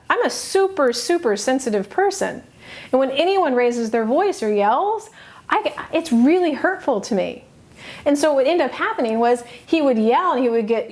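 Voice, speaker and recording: A middle-aged woman with a slightly high voice gives a motivational teaching talk. She speaks earnestly and with emphasis. She pauses between her short phrases. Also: a little mellow. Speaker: self-help coach.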